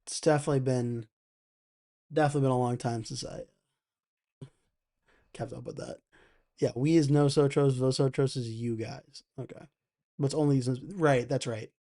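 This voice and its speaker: A man's voice: mid-range voice, steady tone, moderate pace, long pauses, warm tone. A young man hosting an election night live stream, chatting casually, thinking aloud and reading out viewers' comments.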